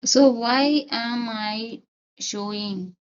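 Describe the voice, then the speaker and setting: A woman teaching a lesson step by step, deliberately repeating her key points. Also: a little high, smooth, dull audio. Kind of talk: step-by-step lecture.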